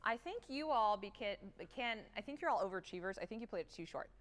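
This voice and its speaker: A woman's voice: fairly high pitch, expressive, quick pace, hardly any pauses, fairly bright tone. A woman conductor coaching a wind band in rehearsal, upbeat and direct, counting off and singing out how notes should sound, recorded on a theatre stage. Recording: long theatre hall reverb from a livestream.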